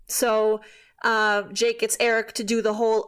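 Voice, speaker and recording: A woman hosting a podcast, casually recapping a book with animated storytelling, quick asides and some swearing. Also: a little high, clean tone. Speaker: podcast host.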